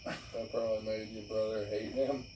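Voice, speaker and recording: A man's voice: lowish voice, level tone, moderate pace, warm tone. A man in casual chat, mostly giving short reactions and quips. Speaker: co-host. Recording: echoey room, far from the mic, noise.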